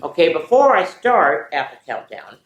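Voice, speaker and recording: Animated older woman reading stories to kids. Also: sits low, normal speed. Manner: animated, with playful sound effects and chatty asides. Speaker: children's story reader. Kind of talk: reading picture books aloud to children. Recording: echoey room with faint noise.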